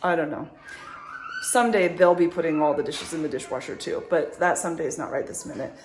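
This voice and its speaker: A woman's voice: low-pitched, fairly quick, a little hiss or hum. A woman in her thirties chatting casually to her viewers in a vlog, upbeat and rambling, with lots of likes and ums. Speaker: vlogger, mother.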